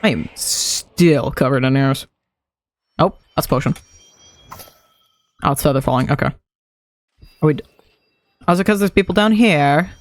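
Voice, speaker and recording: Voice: mid-range voice, moderate pace, long pauses. A streamer giving casual gameplay commentary, muttering and thinking aloud to themself.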